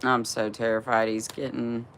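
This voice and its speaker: A woman's voice: rumbling low, little pitch movement, normal speed, slight background noise. A woman in her thirties telling a personal story to a live chat, swearing freely, laughing, and using lots of fillers. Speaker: livestream host.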